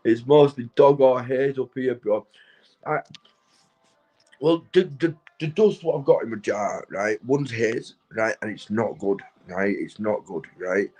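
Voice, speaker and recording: A middle-aged man with a husky, slightly rough voice, talking drunk and stoned from his sofa at home. He rambles loosely to his livestream viewers, swears freely and keeps checking they follow him. His pitch sits in an ordinary middle range. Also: measured pace, darkish tone, rough recording. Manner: rambling, swearing, keeps asking "do you know what I mean". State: drunk and high. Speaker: livestream host. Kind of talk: rambling casual livestream chat.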